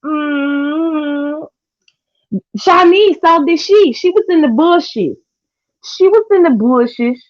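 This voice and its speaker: A young woman, chatting casually with viewers on a livestream in a sassy, trash-talking way with loud cackling laughs. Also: high-pitched, slow, no room sound. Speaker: livestream host. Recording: dull lo-fi stream audio.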